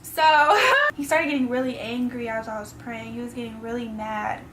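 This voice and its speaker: A woman's voice: on the high side, steady tone, a little fast, a bit bright, slight background noise, low-quality recording. A young woman telling a personal story in a vlog, with casual slang, emotional and tearful at times. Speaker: vlogger.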